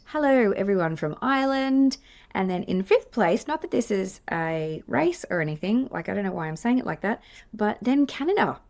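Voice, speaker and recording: A woman's voice: medium pitch, vocal fry, a little mellow. A woman in her forties with an Australian accent, hosting her own podcast in chatty, effusive, rambling talk. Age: 40s. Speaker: podcast host, play therapist. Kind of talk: casual solo podcast chat. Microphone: podcast microphone.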